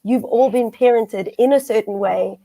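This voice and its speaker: A woman from South Africa hosts a casual panel chat, her voice sitting a little higher than average. She keeps things encouraging and friendly, dropping quick affirmations as others talk. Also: gravelly, dark tone, no echo, low-quality recording. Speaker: host.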